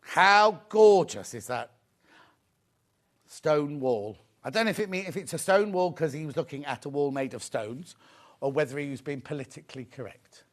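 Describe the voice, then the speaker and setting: Man, high-pitched voice, chatty excitable sales host, repeats himself. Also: a little fast. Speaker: shopping show host. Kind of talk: live sales presentation.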